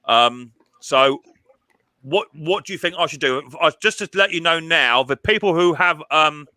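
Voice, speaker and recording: A man's voice: on the high side, animated, unhurried, sharp tone, no room sound, poor audio. A middle-aged man hosting a casual live stream chat, chatty and often stumbling over repeated words.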